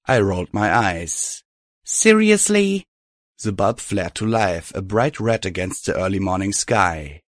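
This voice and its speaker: A man narrating a first-person fan fiction story in a steady audiobook reading. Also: low-pitched, a little slow, hardly any pauses, dry recording, clean studio sound.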